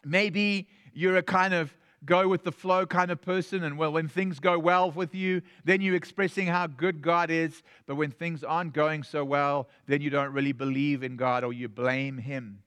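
High-voiced South African pastor preaching. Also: male voice, fairly even intonation, normal speed, few pauses, a bit bright, smooth. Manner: conversational preaching with frequent restarts and anecdotes. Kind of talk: sermon.

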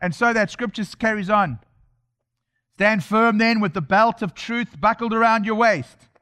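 High-voiced man preaching with emphatic repetition. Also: a little slow, bright, forceful tone, clean tone. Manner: emphatic, repetitive, building rhetoric. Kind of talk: sermon. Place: church.

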